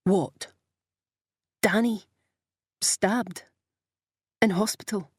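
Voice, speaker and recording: A woman's voice: medium pitch, fairly even intonation, drawn-out words, darkish tone, breathy edge, dry recording, clean studio sound. Woman voicing a clipped, tense Scottish detective. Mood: strained. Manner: clipped, strained.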